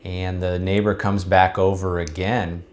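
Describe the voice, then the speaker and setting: Low-voiced man telling a parable. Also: little pitch movement, unhurried, darkish tone. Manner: conversational storytelling. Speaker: recovery coach. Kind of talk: casual talk to camera.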